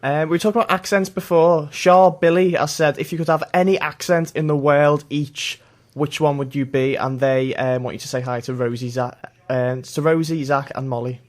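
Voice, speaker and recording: Male radio co-presenter, fairly high voice, brisk, reads listener messages. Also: steady tone. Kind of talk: reading listener questions on radio.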